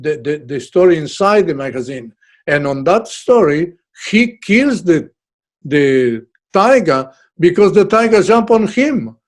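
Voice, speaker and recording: Halting older man with Uruguayan accent. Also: fairly high pitch, big pitch swings. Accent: Uruguayan Spanish. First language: Spanish. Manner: halting, repeats words while searching for English. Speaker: guest artist. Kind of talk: casual chat.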